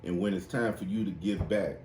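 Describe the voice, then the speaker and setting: Fairly fast and full of energy, a man swears his way through casual stories on his podcast, pitching his voice up to impersonate others. The audio carries an echo from the room plus faint noise.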